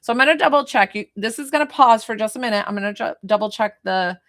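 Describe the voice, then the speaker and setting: A woman with a noticeably creaky, gravelly voice hosts a live-streamed spiritual reading. Her talk is chatty and informal, and she easily sidetracks into other matters mid-session. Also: fairly high pitch, quick pace, a bit bright. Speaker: spiritual medium.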